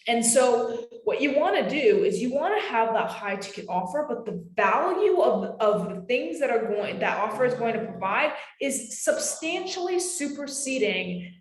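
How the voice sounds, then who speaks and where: A woman's voice: a little high, sing-song, normal speed, hardly any pauses. A young adult woman presenting a live webinar in a casual, emphatic way, often calling her listeners guys. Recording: roomy echo.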